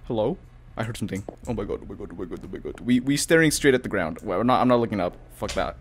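Rapid-fire and animated, this man's voice sits on the low side as he narrates a horror game for his YouTube channel. Startled and on edge, he gasps, curses and laughs nervously throughout.

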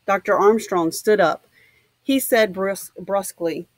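A woman reading a novel aloud in an even, measured narration. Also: medium pitch, no room sound, low-quality recording. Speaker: audiobook reader.

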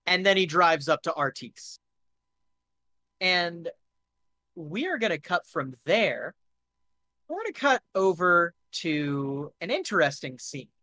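Guy game-mastering a tabletop game, kinda high bright voice, dry close mic. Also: dry recording. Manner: casual, loose, self-correcting.

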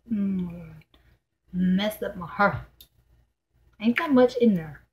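A young woman records an unboxing vlog at home, her camera sitting some way off. She talks at an unhurried pace in a middle-pitched voice, sounding exasperated, swearing freely and leaning on "like" again and again. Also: poor audio. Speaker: vlogger. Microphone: camera mic at a distance.

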